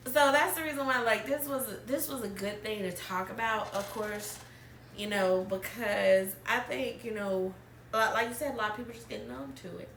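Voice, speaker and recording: A woman's voice: a little high, normal speed, a bit bright, a little hiss or hum. A woman from Alabama hosting an emotional personal conversation, speaking candidly and wavering between tears and laughter. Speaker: podcast host. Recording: echoey room, mic at a distance.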